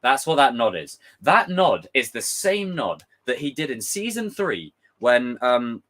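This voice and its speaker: Young male commentator, gushing and emotional, lively animated delivery, swears freely. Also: mid-range voice, unhurried. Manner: passionate, excitable, swears freely. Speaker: pop culture commentator. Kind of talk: emotional trailer breakdown with viewers.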